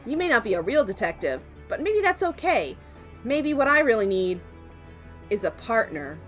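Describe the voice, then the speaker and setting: A woman voicing a small earnest robot. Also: fairly high pitch. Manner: gentle, earnest. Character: earnest small investigation robot, shy with people.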